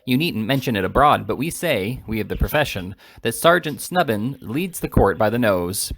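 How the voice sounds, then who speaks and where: A man's voice: lowish voice, lively intonation, normal speed, a bit bright. A man reading aloud and voicing a fussy little male lawyer who talks in a bustling, chatty and knowing way.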